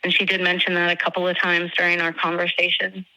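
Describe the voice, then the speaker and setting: A woman's voice: on the low side, monotone, fast, pushed and bright, no room sound, rough recording. A woman earnestly recounting a painful conversation with a friend, with many fillers and restarts. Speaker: friend of the victim.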